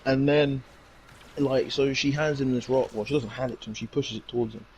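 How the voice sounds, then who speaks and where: A man's voice: mid-range voice, steady tone, fast, darkish tone, highs cut off, a little hiss or hum. A young man, casually recapping a TV episode in a rambling, slangy way. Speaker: reviewer. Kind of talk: casual chat.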